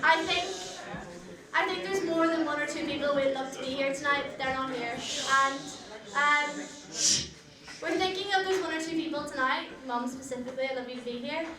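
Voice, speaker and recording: Young woman, high voice, heartfelt birthday toast, sincere, very echoey room, distant mic, crowd behind. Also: brisk. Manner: sincere, with a joking aside. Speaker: daughter giving a birthday speech.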